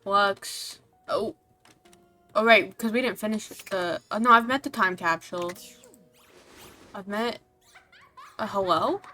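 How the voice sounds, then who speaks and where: A woman's voice: medium pitch, slow, long pauses, bright, forceful tone, faint music behind. A woman streaming a game, reacting aloud in blunt, swear-laden casual commentary.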